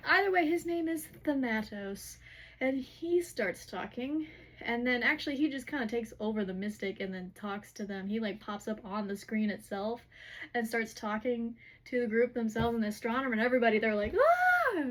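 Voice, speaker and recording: A woman vlogger gives a casual, chatty recap of a fantasy novel, rambling and leaning heavily on "like" and "whatever." Her voice is slightly high and her speed normal.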